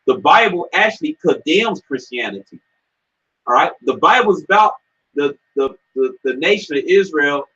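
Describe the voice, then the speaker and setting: A fiery man with a husky, slightly high voice preaches in a scripture discussion, stammering and swearing as he pushes his point. The recording is dull and lo-fi, with a muffled top end. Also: fairly bright tone. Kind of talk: heated street preaching chat. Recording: dull lo-fi sound.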